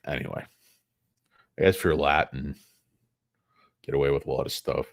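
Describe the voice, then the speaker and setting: A man's voice: rumbling low, flat delivery, normal speed, gravelly, dry recording, studio quality. A man hosting a casual livestream show about stocks, rambling, joking and poking fun at himself. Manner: joking, rambling, self-mocking.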